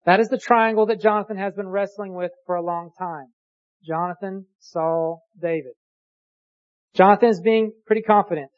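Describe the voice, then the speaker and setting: A preacher delivers a sermon, reading scripture slowly and deliberately and asking rhetorical questions. His voice is mid-range and a little mellow, and the audio sounds dull.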